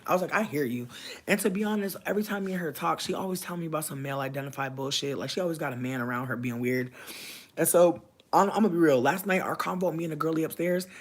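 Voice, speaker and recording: Husky young adult venting a story. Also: mid-range voice. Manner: animated venting with heavy slang and cursing. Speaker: vlogger. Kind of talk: casual storytelling rant.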